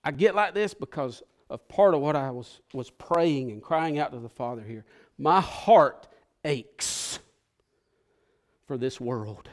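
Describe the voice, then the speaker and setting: A man preaching a sermon in an emotional, conversational way, moving from hushed confession to fervent pleas. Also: mid-range voice, moderate pace, hardly any pauses. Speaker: pastor.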